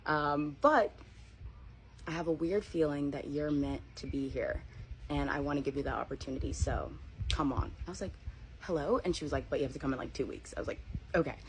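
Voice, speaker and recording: A young woman with a low, deep-set voice tells a personal story in a casual vlog. She is animated and slips into the voices of the people she quotes. Steady background noise sits under her voice. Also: fairly quick. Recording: noisy background ambience.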